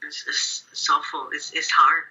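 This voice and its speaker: Bright-voiced woman. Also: low voice, flat delivery, normal speed, husky. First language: Spanish. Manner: candid, reflective, quotes herself aloud. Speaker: interpreter. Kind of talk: interview answers. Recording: distant, dull lo-fi recording.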